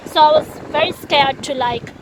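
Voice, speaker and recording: A woman from Kenya telling a story in a casual vlog, chatty and animated, laughing often, recorded outdoors by a busy road near the sea. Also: high-pitched, normal speed. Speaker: vlogger. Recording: noisy outdoor street ambience.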